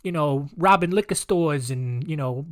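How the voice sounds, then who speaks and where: A man's voice: a little high, normal speed, dry recording, clean studio sound, lightly acted. A man voicing a nervous teenage gang kid with an exaggerated New York accent. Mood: pleading. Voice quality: over-the-top street tough.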